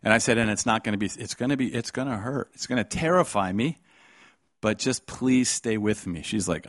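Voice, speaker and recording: Middle-aged male preacher, dramatic storyteller, big swings from hush to shout, dry close sound. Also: brisk, no echo. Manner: dramatic, swings from hushed to loud and high. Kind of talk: sermon with storytelling.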